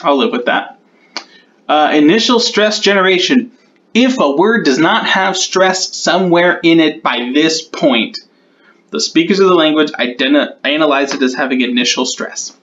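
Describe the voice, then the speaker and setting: A man's voice: on the high side, expressive, fairly bright tone, lo-fi sound. Man thinking aloud over keyboard clicks. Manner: muses aloud, repeats test words, slows down while typing. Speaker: conlang creator. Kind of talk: screen-recorded tutorial, thinking aloud.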